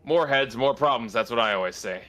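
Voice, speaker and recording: A man's voice: mid-range voice, brisk, fairly bright tone, close to an everyday voice. A man voicing a cheerful, boastful male demigod's son who laughs easily in a tabletop game. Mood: jovial.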